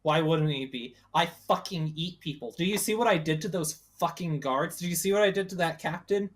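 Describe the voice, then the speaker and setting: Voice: mid-range voice, a little fast, lightly acted. A tabletop player voicing a volatile female monster who eats people, confrontational and swearing heavily. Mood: defiant. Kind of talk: in-character tabletop role-play.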